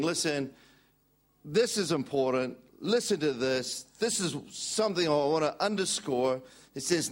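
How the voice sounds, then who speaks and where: Male pastor, slightly high voice, lively sermon delivery with call-and-response. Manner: lively, calls on congregation to repeat words. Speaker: preacher.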